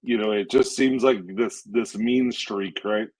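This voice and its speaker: A man co-hosting a podcast, talking casually in a measured way with lots of "you know" and "right?". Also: lowish voice, steady tone, a little mellow, no room sound, low-quality recording. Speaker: podcast co-host. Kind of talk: casual chat.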